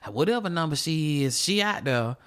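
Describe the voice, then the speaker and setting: A woman's voice: low voice, expressive, moderate pace, smooth. A woman voicing a boastful male killer who taunts the police by phone, in a casual, offhand way. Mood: bragging, taunting.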